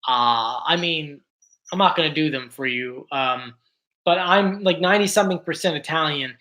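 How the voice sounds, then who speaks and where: A man's voice: on the high side, normal speed, pushed and bright. A man from South Jersey hosting a casual livestream, reading viewer comments and answering in a chatty, rambling way full of likes and ums. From South Jersey, USA. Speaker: YouTube show host.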